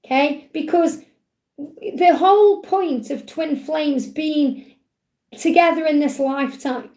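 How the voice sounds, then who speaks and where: A woman with a Stoke-on-Trent accent, chatting warmly and digressively as she answers viewers' questions in a live card reading. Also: high-pitched, slow, reverberant. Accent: Stoke-on-Trent English. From England. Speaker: spiritual reader.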